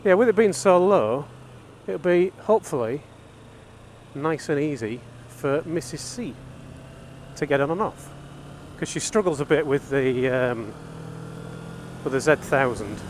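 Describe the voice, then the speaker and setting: A man chatting casually into his helmet mic as he rides a motorbike, rambling and self-deprecating and laughing at himself. His voice sits a touch high for a man, with a faint background hiss. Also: expressive, measured pace, pauses often. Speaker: motorcycle vlogger. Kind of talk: casual chat while riding. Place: outdoors on a motorbike.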